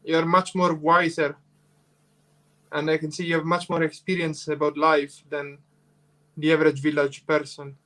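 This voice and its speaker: Italian guy hosting a livestream, kinda high voice, short friendly questions. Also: flat delivery, moderate pace, pauses often, a bit bright. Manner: brief, reassuring interjections. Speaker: livestream host. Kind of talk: casual chat. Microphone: video call.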